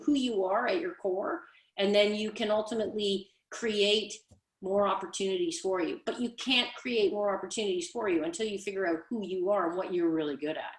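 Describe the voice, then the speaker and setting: A woman coach speaking on a conference panel in an energetic, emphatic way, building points through repetition. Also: medium pitch, echoey room. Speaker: guest speaker, leadership coach.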